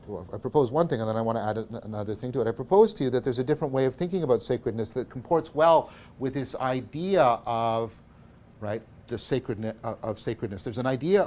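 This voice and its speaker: Here a medium-pitched male voice lectures on philosophy, reasoning on the spot and frequently fixing his own wording. He punctuates ideas with "right?" while his volume shifts from emphatic to hushed.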